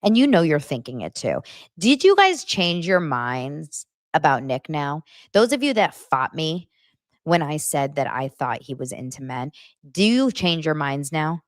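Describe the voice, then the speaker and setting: Blunt, lively-voiced woman chatting. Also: deep voice, a little slow, no room sound, clean studio sound. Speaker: podcast host. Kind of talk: casual gossip chat.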